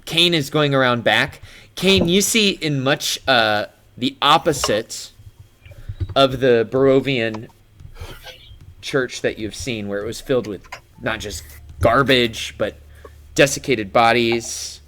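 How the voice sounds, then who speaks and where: A man's voice: medium pitch, slow, sharp tone, slight background noise. A man running a tabletop game as game master, describing scenes with frequent fillers.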